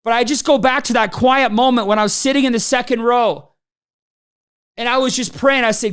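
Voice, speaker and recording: Male business trainer, high smooth voice, motivational storyteller who acts out quotes. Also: steady tone, fairly quick, fairly bright tone. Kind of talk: motivational talk to a live audience.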